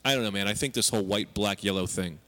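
Fast-talking brash man telling stories. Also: fairly low pitch, sharp tone. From United States. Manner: brash storytelling, quick joking. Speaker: podcast co-host. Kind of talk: casual comedic chat.

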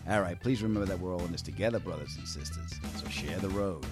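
A man's voice: sits low, fast, music in the background. A man hosting a podcast in casual chat, joking in a wry, self-described cranky way into a studio microphone. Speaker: podcast host.

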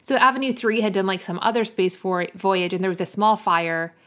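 A woman's voice: medium pitch, a little fast. A woman co-hosting a podcast, casually walking through an episode's plot step by step with "so" and "like" as fillers. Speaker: podcast co-host. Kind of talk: casual chat recapping a TV episode.

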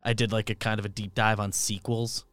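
A man co-hosting a podcast, explaining his picks in a measured, hesitant way. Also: on the low side, level tone, fairly bright tone, no room sound. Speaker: podcast co-host. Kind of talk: casual banter.

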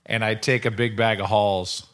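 Middle-aged guy on a podcast, bright clear voice, spinning a yarn. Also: lowish voice, moderate pace. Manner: animated storytelling, acts out quotes. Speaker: podcast host. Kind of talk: casual chat.

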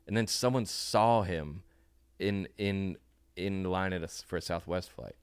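A man guesting on a podcast in casual chat, joking around with lots of fillers and quick yeahs. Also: low voice, smooth, no room sound. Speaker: comedian guest.

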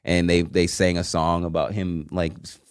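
A man's voice: sits low, flat delivery, moderate pace, smooth, no room sound, clean studio sound. A man co-hosting a casual movie podcast, blunt and joking, with plenty of swearing. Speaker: podcast co-host.

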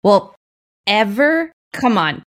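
A woman's voice: mid-range voice, sing-song, slow pace. Woman co-host asking questions. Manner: asks questions and teases. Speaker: podcast co-host. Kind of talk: casual podcast chat.

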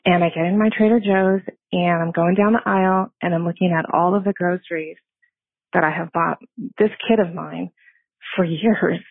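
A woman's voice: lowish voice, fairly even intonation, moderate pace, vocal fry, dry recording. A woman in her fifties, a caller leaving a voice message, tells a personal story in a nervous, earnest way and laughs at herself. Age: 50s. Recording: tinny phone line.

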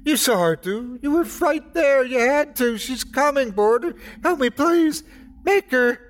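Crazed drunk guy screaming way up high, sobbing and begging, as a male narrator puts him on. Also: expressive, measured pace. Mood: frantic, screaming. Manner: frantic, screaming pleas. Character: drunk, terrified man, sobbing and raving.

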